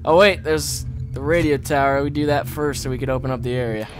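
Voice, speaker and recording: A young man giving profane let's-play commentary, swinging from low muttering to panicked yelling. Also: fairly even intonation, fairly quick. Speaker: gaming YouTuber. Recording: game music underneath.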